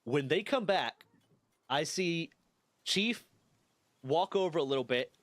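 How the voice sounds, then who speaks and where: A man's voice: a little high, lively intonation, takes it slowly, fairly bright tone, dry recording. Profane young man telling a story. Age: 20s. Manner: profane, repetitive, rambling. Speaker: streamer. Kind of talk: casual storytelling.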